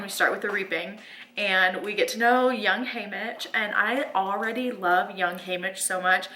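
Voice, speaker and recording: Young woman fangirling over a book, dramatic and gushy, kinda high voice. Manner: gushing, dramatic, breathless with excitement. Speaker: book vlogger. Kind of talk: excitable reading vlog chat.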